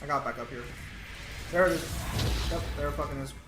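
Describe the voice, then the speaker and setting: A man streaming a video game and commenting live, frustrated and sweary, ranting and sometimes yelling at the game. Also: on the high side, a little fast, music in the background. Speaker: gamer streaming a match. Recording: echoey room with background noise.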